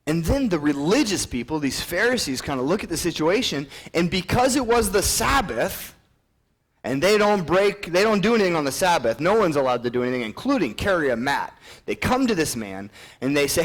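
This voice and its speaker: A young man delivering a sermon at a mid-range pitch. He tells stories with energy and acts out the characters' lines, then turns quiet and earnest when he calls the listeners to respond. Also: normal speed. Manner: animated storytelling, acting out quoted voices; drops to a soft, earnest low voice when appealing. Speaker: preacher.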